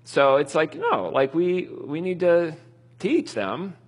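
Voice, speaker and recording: Husky, animated man teaching parents. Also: a little high, slow. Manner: casual, anecdotal, laughs at own stories. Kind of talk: conversational Bible-based teaching.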